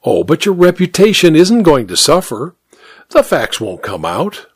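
A man voicing a genial, easygoing gentleman who talks in a breezy, reassuring way. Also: fairly high pitch, sing-song, a little slow, breathy edge, no room sound, studio quality, heavily acted.

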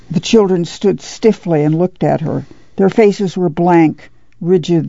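A narrator reading a novel aloud in a measured storytelling manner. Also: medium pitch, creaky, dark tone, dry recording, highs cut off. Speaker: audiobook narrator. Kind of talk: scripted narration.

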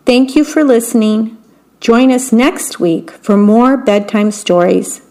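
A woman volunteer broadcaster reading a children's bedtime story aloud, gently and unhurriedly, describing the pictures as she goes. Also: on the high side, takes it slowly.

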